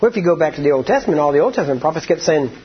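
A man's voice: a little high, expressive, rapid-fire, breathy edge, lo-fi sound. A man preaching a conversational sermon, often asking the congregation for agreement.

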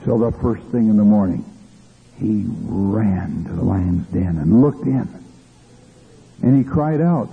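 Husky gravelly preacher man. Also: fairly low pitch, animated, takes it slowly, long pauses. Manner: fervent, with repeated hallelujahs and restarts. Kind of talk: sermon. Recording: tinny lo-fi old recording.

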